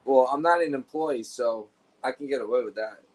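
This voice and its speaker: A man's voice: medium pitch, moderate pace, darkish tone, low-quality recording. A man talking casually and profanely, rambling through stories about his work as a store clerk. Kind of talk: casual chat.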